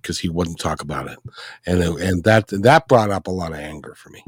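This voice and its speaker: A man recounting a personal memory in conversation, hesitant and halting with many restarts. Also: deep voice, husky, dry recording, studio quality. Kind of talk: conversational storytelling.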